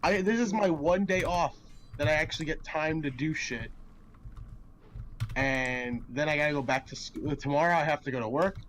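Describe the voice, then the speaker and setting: A man's voice: a little high, normal speed, fairly bright tone, a little hiss or hum. A young man streaming live, arguing back defensively in a rambling way with many restarts. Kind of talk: casual argument on stream.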